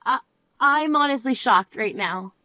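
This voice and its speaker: Grieving older sister played by a woman, high voice, reproachful, scolding, drama voice acting. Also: lively intonation, a little slow, sharp tone, dry recording, full character voice.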